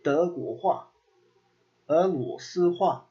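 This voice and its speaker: A man giving a casual video lesson on vocabulary, talking in a relaxed way with lots of ums and restarts. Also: a little high, slow, dull audio. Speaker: language teacher.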